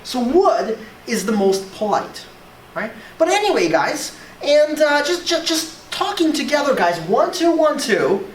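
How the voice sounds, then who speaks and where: An English teacher giving a classroom lesson in an animated way, checking in with the class again and again. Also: medium pitch. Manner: animated, keeps checking in with "right?". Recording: echoey room, voice from far off, faint hiss.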